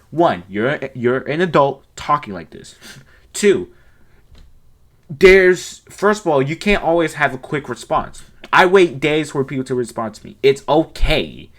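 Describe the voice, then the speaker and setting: Exasperated young man ranting. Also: mid-range voice. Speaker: commentary video host. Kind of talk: ranting commentary over screenshots.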